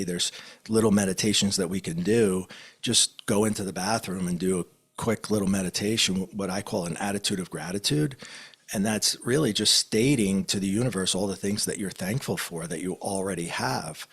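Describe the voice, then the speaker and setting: A man being interviewed as a metaphysical teacher, talking in a relaxed, rambling way with many fillers. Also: low voice, breathy edge. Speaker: guest, metaphysical teacher and medium. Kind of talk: casual interview storytelling.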